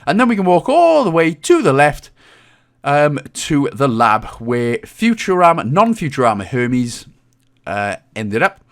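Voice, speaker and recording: A man's voice: on the high side, wildly swooping pitch, a little slow. A man with a Welsh accent giving casual gameplay walkthrough commentary, chatty and joking, with frequent "um"s as he goes. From Britain. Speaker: game walkthrough host.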